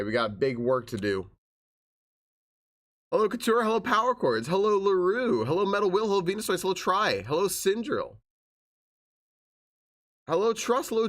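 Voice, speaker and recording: A man's voice: on the high side, a bit bright. Upbeat, chatty male game streamer. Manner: upbeat, chatty, greets viewers one after another. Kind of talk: live stream chat with viewers.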